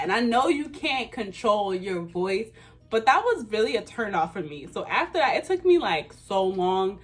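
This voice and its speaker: A young woman in her twenties spins a casual storytime in a lively, swooping voice. She leans on slang and stresses words for emphasis, with faint music playing under her. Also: medium pitch, normal speed, slightly rough. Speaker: vlogger.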